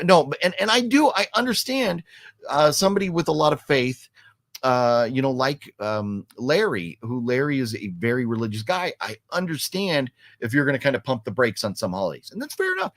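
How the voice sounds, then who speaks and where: A man's voice: mid-range voice, big pitch swings, normal speed, no room sound, clean studio sound. A man talking casually on a live stream, rambling with lots of fillers and restarts as he answers chat. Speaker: vlogger reading live chat.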